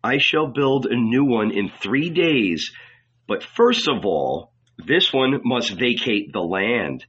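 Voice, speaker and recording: Audiobook: male reader as a fiery, mocking preacher, slow and weighty, husky tone, dull recording. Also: medium pitch, sing-song, fairly bright tone, full character voice. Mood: defiant. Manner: firm, weighty, at times sarcastic.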